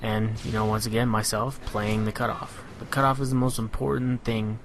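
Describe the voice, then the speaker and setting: A man giving a relaxed, analytical voice-over on his own competitive match, filling pauses with "you know". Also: lowish voice, slight background noise. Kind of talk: gameplay commentary voice-over.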